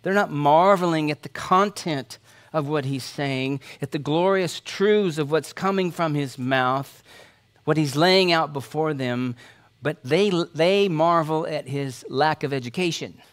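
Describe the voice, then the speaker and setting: A man's voice: fairly high pitch, unhurried. A man preaching an expository sermon as pastor, speaking in a conversational, emphatic way and often checking in with his listeners.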